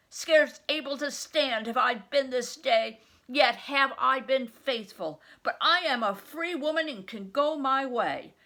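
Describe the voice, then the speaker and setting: A woman's voice: high-pitched, sharp tone, voice pushed up, heavily acted. An older woman voicing a fussy female nurse who speaks in old-fashioned, wheedling words. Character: older female nurse, coaxing then scolding.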